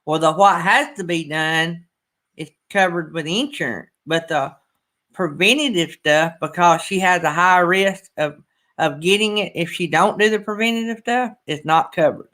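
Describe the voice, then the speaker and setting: A man's voice: sits high, moderate pace, bright, forceful tone. A middle-aged man, hosting a casual livestream chat in a rambling, folksy, emotional way. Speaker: channel host.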